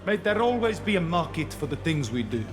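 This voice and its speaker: A man's voice: on the high side, very animated, a little fast. Grandiose male crime host, South African accent, lecturing, game score behind. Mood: smug. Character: smooth, self-important male crime host. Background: game music.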